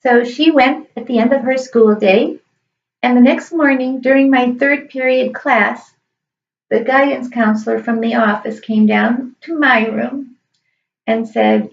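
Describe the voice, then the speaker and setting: A middle-aged woman with a fairly high, gravelly voice tells a personal story earnestly and with feeling. She sits back from the microphone in an echoey room. The sound is dull and muffled. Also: measured pace, far from the mic. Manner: earnest, emotional, emphatic storyteller. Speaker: high school teacher.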